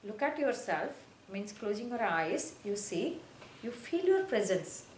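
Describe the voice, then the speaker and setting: A woman giving spiritual instruction on meditation, speaking in slow, repetitive phrases with hesitations and soft, falling affirmations. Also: mid-range voice, big pitch swings, echoey room, slight background noise, rough recording. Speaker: spiritual teacher. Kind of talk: guided meditation teaching.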